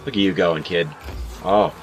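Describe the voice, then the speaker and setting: A man's voice: sits low, normal speed. A young father casually commentating a car game, encouraging and coaching his son as they play. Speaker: streamer playing with his son. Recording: music playing under the voice. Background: game music and car sounds.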